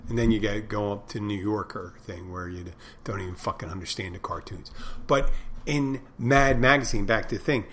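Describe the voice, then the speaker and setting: Middle-aged male podcast host, lowish voice, meandering crude storyteller, faint ambience. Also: moderate pace, hardly any pauses, fairly bright tone, a little hiss or hum. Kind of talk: rambling casual monologue.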